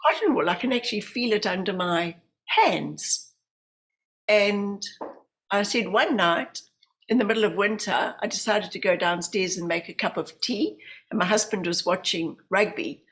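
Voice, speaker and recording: A woman's voice: medium pitch, normal speed. A woman in her fifties with a New Zealand accent, a podcast guest telling personal stories and acting out the voices of people she quotes. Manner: animated storyteller, acts out quoted voices. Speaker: guest, medium and hypnotherapist. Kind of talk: storytelling in a podcast interview.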